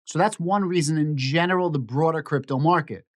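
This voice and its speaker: A man's voice: fairly high pitch, fairly quick. A man hosting his own finance channel, giving casual market commentary in an explanatory, opinionated way and often repeating that he predicted things. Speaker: stock market YouTuber.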